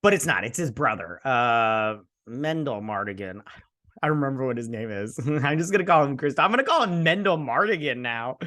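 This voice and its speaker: A man's voice: medium pitch, expressive, fairly quick, sharp tone. A man hosting a casual show review, rambling through the plot and acting out characters in jokey put-on voices. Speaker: host. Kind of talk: casual episode recap and review.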